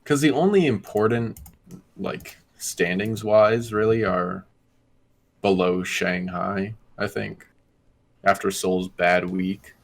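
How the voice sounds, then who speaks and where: A man's voice: fairly low pitch, takes it slowly, creaky. A man co-hosting a casual esports podcast, laid-back and swearing now and then. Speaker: podcast co-host.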